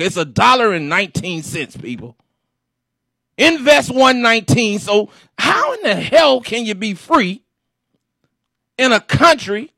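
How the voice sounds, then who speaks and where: Lecturing host, husky, high and lively, exasperated and repetitive. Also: male voice, dry recording. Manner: exasperated, lecturing, repeats himself. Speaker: commentary show host. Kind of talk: preachy commentary rant.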